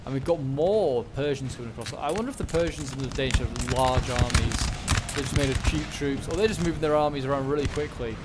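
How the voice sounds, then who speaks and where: A man's voice: mid-range voice, quick pace, heavy background noise. A man casually commentating a video game battle, musing aloud with lots of fillers and self-corrections. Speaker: gaming commentator. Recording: loud gunfire from game audio under voice. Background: game battle sounds, gunshots.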